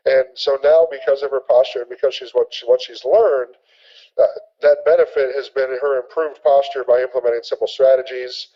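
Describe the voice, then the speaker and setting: A man teaching a sales training webinar, energetic and repetitive, acting out sample conversations. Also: mid-range voice, a little fast, highs cut off.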